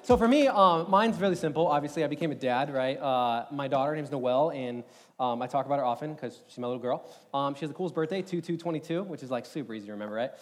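A young man telling a personal story in a sermon, animated and rambling, with many filler words. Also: medium pitch, quick pace. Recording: long hall reverb.

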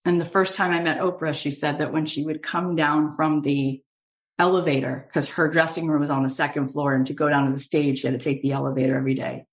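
A woman podcast host and coach, telling a story in an animated, emphatic way with lots of casual fillers. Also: low voice, fairly quick. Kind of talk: storytelling monologue.

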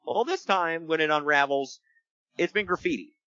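Lively, bright-voiced male podcast host. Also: a little high, moderate pace, no echo, muffled recording. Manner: animated storyteller, laughs often, breaks into voices. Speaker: podcast host recapping wrestling. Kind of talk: casual chat.

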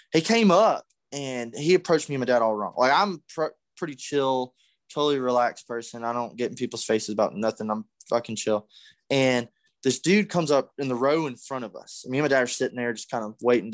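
A man's voice: mid-range voice, dry recording, clean studio sound. A man, co-hosting a podcast, telling a story in casual chat, swearing freely and acting out what people said. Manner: animated, swears freely, acts out quotes. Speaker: podcast co-host.

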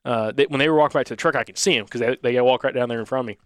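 Rapid-fire and a bit bright, a man's mid-range voice carries a rambling, casual hunting story on the podcast he co-hosts. He restarts often and acts out the quoted dialogue. The clean studio sound has no echo.

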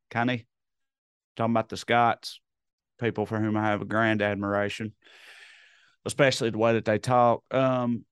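A man's voice: mid-range voice, clear, resonant tone, no echo, clean studio sound. A man hosting a podcast alone, chatting casually in a rambling, joking, self-deprecating way into a podcast microphone. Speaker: podcast host. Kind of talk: solo casual podcast chat.

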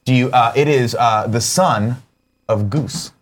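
A man's voice: mid-range voice, a little slow, a little hiss or hum. A man co-hosting a casual morning show, talking animatedly, swearing freely and acting out movie quotes. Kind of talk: casual chat.

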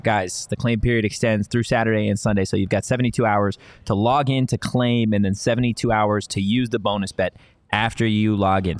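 A man's voice: on the low side, dry recording. A man co-hosting a sports podcast, chatting in an upbeat, reassuring way and reading ads. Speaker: podcast co-host. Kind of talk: casual sports podcast chat and read ads.

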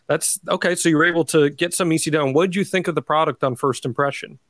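A man hosting a podcast who asks measured questions and sets up the history for his guest. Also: on the high side, a bit bright, no room sound. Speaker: podcast host. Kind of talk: interviewer, casual.

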